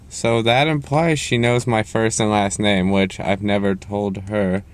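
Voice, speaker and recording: A man's voice: lowish voice, fairly even intonation, unhurried. A young man ranting casually to camera, rambling and cursing as he jumps around in his story. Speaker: vlogger.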